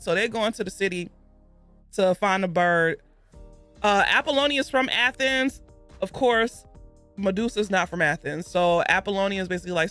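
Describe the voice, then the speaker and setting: Book-club vlogger, chatty and rambling, bright tone, faint music underneath. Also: medium pitch, brisk. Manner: chatty and rambling, with self-corrections and asides. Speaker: book club video host. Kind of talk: casual book recap.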